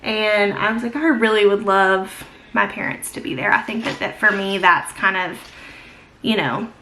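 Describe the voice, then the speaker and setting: At medium pitch and a moderate pace, a young woman's pushed, bright voice comes through with a little hiss or hum. She's a beauty vlogger gushing through a casual get-ready-with-me chat while doing her makeup, leaning heavily on fillers and "like."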